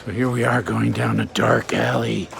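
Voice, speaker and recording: A man's voice: medium pitch, little pitch movement, normal speed, vocal fry, crowd noise. A man hosting a casual walking vlog outdoors along a waterfront, giving chatty, joking tour-guide commentary. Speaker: vlog host.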